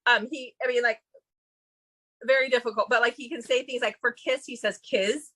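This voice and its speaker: A woman's voice: a little high, steady tone, fairly quick, fairly bright tone, poor audio. A woman co-hosting a book review chat, talking in a chatty, gushing way with many restarts. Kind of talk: casual chat about books.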